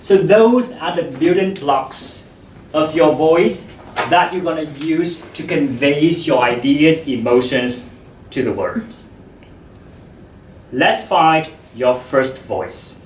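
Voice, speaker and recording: A man giving a public talk to an audience about voice, speaking in a slow, measured, expressive way. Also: on the high side, slight background noise. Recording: echoey hall, distant mic.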